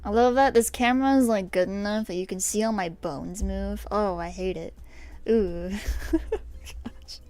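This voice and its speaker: A woman's voice: medium pitch, unhurried, darkish tone, faint music behind. A young woman streaming herself painting her nails, chatting with viewers in a rambling, self-deprecating way. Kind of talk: casual chat while painting nails on stream.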